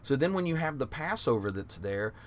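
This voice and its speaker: A man leads a Bible class, explaining passages in an earnest, conversational manner. His voice sits at an ordinary middle pitch, and he moves between plain explanation and quoting the text. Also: sing-song, fairly quick, slight background noise. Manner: earnest, conversational, retells scripture with quotes.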